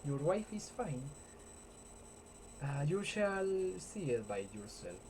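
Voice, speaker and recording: A man's voice: medium pitch, sing-song, takes it slowly, darkish tone, slight background noise, poor audio. A man voicing a nervous female nurse who stammers her answers. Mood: flustered. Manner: startled, stammering.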